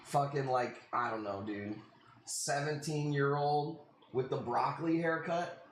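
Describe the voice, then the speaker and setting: A man's voice: medium pitch, measured pace, a little hiss or hum. Profane, rambling man streaming, echoey room. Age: 30s. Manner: rambling, profane, says "dude" constantly. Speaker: livestream host. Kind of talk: casual live-stream chat.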